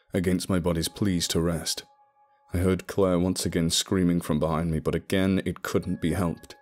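A man with a very deep, husky voice narrates a scripted horror story in a steady, low-key manner. Soft music plays quietly under his voice.

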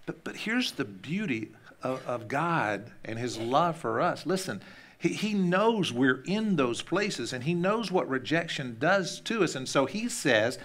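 A man preaching a conversational sermon as a pastor, repeating words as he restarts and swinging between loud emphasis and hushed asides. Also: a little high, big pitch swings, measured pace.

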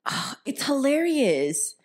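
A woman's voice: high voice, sing-song, slow pace, darkish tone. A young woman hosting a podcast, telling stories in a blunt, profane, casual way full of "like". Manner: profane, blunt storytelling with lots of "like". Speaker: podcast host. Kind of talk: casual chat.

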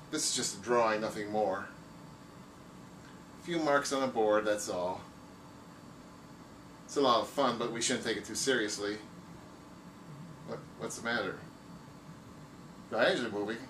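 A man, a magician, drawing on a board while delivering deadpan comic patter, recorded in an echoey room from a distance. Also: mid-range voice, slight background noise.

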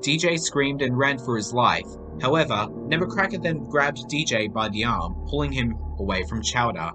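Animated male horror story narrator. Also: mid-range voice, moderate pace. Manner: reading aloud, animated. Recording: faint music behind voice.

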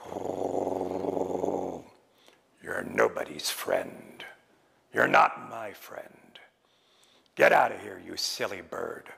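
Man doing a growling hostile wolf, deep and quiet, in a reverberant hall. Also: steady tone, extremely slow, vocal fry, long pauses, full character voice. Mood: scornful. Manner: growling, dismissive. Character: gruff suspicious male wolf, hostile.

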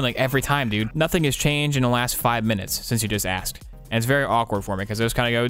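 Young male streamer, casual joking storyteller, quick delivery, faint game music behind. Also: mid-range voice, fairly bright tone. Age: young adult. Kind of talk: casual chat while playing. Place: home, early morning with family asleep.

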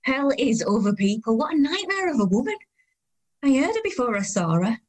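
A woman's voice: on the high side, big pitch swings, fairly quick. An actress as a dry, weary woman of thirty-two. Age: 30s. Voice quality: dry, sardonic inner voice. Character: weary, self-conscious woman of 32, quietly sardonic. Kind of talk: first-person audio drama narration.

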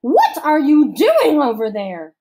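A woman voicing Missus Periwinkle, a strict older female camp director who speaks slowly and loudly, demanding answers. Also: high-pitched, wildly swooping pitch, pitched above the performer's own voice, heavily acted. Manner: slow, loud, demanding.

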